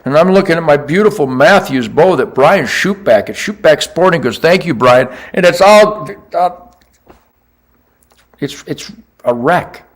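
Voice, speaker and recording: An older man casually telling a hunting story as host, boastful and animated, swinging between loud outbursts and quiet mutters. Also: fairly high pitch, normal speed, few pauses.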